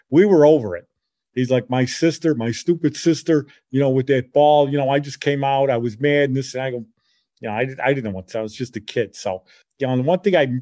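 A middle-aged man with a Chicago accent, telling a childhood story in a lively, casual way and acting out the voices of the people in it. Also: medium pitch. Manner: animated, acts out voices in his story. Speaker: podcast host.

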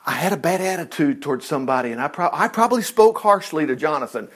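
A middle-aged man preaching an informal sermon, folksy and animated, with chuckling asides to the congregation. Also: fairly high pitch, quick pace, hardly any pauses. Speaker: pastor.

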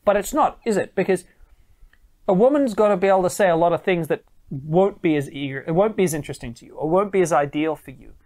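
Man, dating coach, fairly high voice, emphatic, repeats himself for stress, talking to camera. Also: fast talker, a little mellow. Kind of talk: advice talk to camera.

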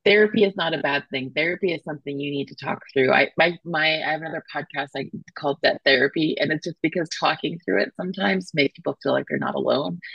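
A woman's voice: low-pitched, vocal fry, breathy edge, dry recording. A woman guest on a podcast who runs her own finance podcast, speaking in an earnest, reassuring way. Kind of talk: casual podcast chat. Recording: dry, dull lo-fi audio.

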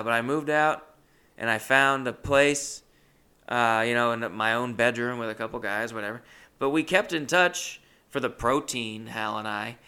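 Young male comedian, gravelly and bright, rambling self-deprecating storyteller. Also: mid-range voice. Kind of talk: comic storytelling.

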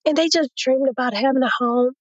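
A woman's voice: high voice, a little fast, no echo, muffled recording. A woman guest in an interview, telling a personal testimony and acting out what others said to her. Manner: storytelling, quotes others in a lively retelling.

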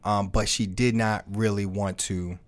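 A man co-hosting a podcast in casual chat, relaxed, adding his side of the story. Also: lowish voice, a little slow. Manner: relaxed, chiming in with short reactions. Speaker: podcast co-host.

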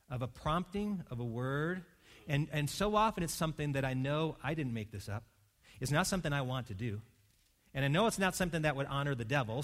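A male pastor preaching a conversational sermon in church, swinging between loud emphatic lines and hushed quiet ones. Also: on the high side.

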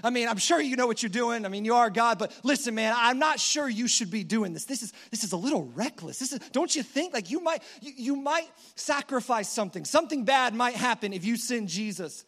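A man's voice: very high voice, lively intonation, fairly bright tone, heavily acted. A man voicing a worried angel who anxiously questions God's plan in a sermon. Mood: worried pleading. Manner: anxious, pleading, rushed.

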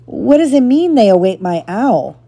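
A woman's voice: mid-range voice, very animated, normal speed, gravelly, warm tone, pitched above the performer's own voice. A woman reading a storybook aloud, voicing an eleven-year-old boy who asks eager, puzzled questions.

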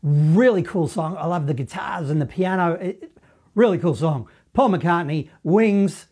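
Mellow-voiced Australian sax teacher. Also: male voice, a little high, a little slow, husky. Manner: encouraging, chatty, self-deprecating. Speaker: saxophone teacher. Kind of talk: play-along music lesson.

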